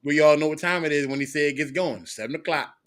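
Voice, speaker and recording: A man co-hosting a casual podcast chat, joking and cutting in with quick remarks. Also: fairly high pitch, fairly bright tone. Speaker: podcast co-host.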